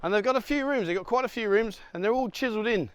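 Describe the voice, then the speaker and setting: A man's voice: high voice, fast talker, clean tone, no echo. A middle-aged man chatting to viewers while he walks around an island resort, joking and sometimes out of breath. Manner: chatty, jokey, addresses viewers directly. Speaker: travel vlogger. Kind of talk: casual walking vlog. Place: outdoors on a hillside island resort.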